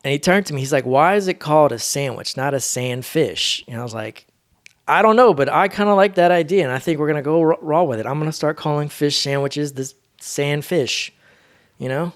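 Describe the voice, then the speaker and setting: A man's voice: a little high, a little fast. A man hosting a solo podcast, talking in a rambling, laid-back, slangy way. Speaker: podcast host. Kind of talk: casual solo monologue.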